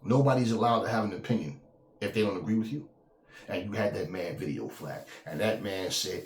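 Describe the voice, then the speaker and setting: A man's voice: sits low, a little fast. Profane man ranting in an echoey room. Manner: profane, emphatic, repeats himself, slips into mocking quoted voices. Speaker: boxing commentary channel host. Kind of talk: heated casual rant.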